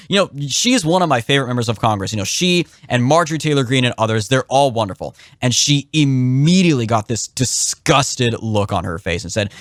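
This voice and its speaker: A young co-host talks quickly on a casual political podcast, his pitch swinging sharply up and down to hammer home his opinions. He's animated and opinionated, and he imitates the voices of people he quotes. The recording is dry and close, with no echo or room sound.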